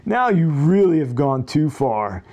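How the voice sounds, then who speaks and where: A patient, reassuring storybook friend, voiced by a male reader. He talks in a calm, mildly scolding way, pitched high and slow. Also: heavily acted.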